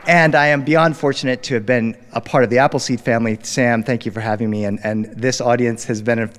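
A man telling a story to a live studio audience, animated and bilingual, with asides to the crowd. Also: mid-range voice, a little fast, a little hiss or hum. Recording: long reverb, live studio.

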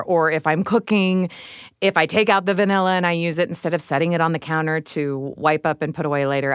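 Woman, podcast host, middle-aged, chatty, self-mocking, lowish voice, dry close sound. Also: clean tone, no echo. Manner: chatty, self-deprecating, laughs easily. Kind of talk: casual chat.

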